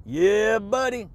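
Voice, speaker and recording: A man with a high voice hosts a motivational podcast. He talks excitably and repeats himself in a preachy pep-talk style. He laughs often and drops catchphrases between his points. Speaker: podcast host.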